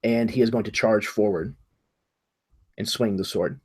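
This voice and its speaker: A man playing a tabletop game, narrating his character's actions in a halting way, often repeating words as he searches for them. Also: on the low side, darkish tone, husky. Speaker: player.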